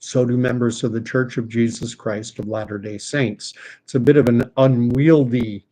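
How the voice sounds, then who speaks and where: Canadian male channel host, mid-pitched, chatty and digressive, casual live-stream delivery. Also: steady tone, moderate pace, dark tone. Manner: rambling, chatty, many fillers and asides. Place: home, talking to his dog.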